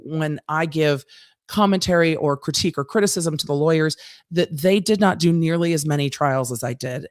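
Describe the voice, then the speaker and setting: A woman's voice: low-pitched, dry recording. American woman, stream host, ex-trial lawyer, chatty, reads comments aloud, dry sound. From United States. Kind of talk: live-stream commentary reading chat.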